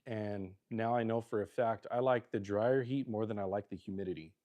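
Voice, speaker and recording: A man's voice: fairly low pitch, normal speed, lo-fi sound. A middle-aged man from Southern California chatting loosely and jokingly on a livestream from his home kitchen. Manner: loose, rambling and jokey. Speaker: livestream host. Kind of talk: casual livestream chat while cooking.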